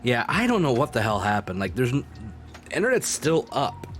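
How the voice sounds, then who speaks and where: A man's voice: medium pitch, wildly swooping pitch, normal speed, faint music behind. A man streaming live, chatting casually with his viewers, swearing freely and laughing often.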